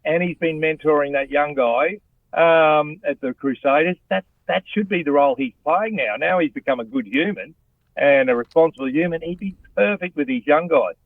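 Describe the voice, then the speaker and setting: Over a tinny phone line, a middle-aged Aussie who once played rugby and hosted radio chats as a guest, full of blokey animation and constant "mate". He speaks at normal speed in a slightly high voice, without echo.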